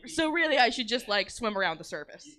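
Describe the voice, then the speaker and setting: A woman's voice: fairly high pitch, big pitch swings, fast talker, bright, forceful tone. A young woman on a comedy stage, talking casually and rambling, often restarting her sentences. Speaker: comedian guest. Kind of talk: casual onstage chat.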